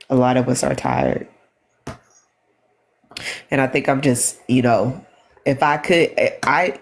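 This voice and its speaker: A tired woman talking on a phone livestream, halting and repeating herself as she speaks with emotion. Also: a bass voice, a little hiss or hum. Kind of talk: emotional casual livestream talk.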